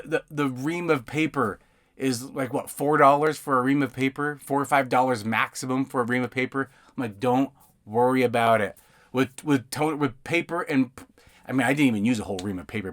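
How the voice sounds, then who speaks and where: A man hosting a podcast about notary work, telling stories casually from inside his van. He rambles, repeats words and acts out other people's lines as he goes. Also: medium pitch. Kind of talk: casual storytelling monologue.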